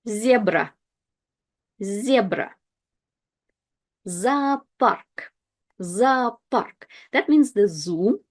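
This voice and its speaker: A woman teaching pronunciation, saying each word slowly and then repeating it. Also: fairly high pitch, animated. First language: Russian. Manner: repeats each word twice, slow and deliberate. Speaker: language teacher. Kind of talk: slow, clear pronunciation lesson.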